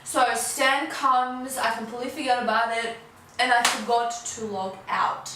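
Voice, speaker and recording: A woman in her twenties telling a storytime vlog in casual chat, animated and fast, dropping low and jumping high. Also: background noise. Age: 20s. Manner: animated, fast-talking, swings from low mutters to high outbursts. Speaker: vlogger. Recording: echoey room, voice a bit far from the mic.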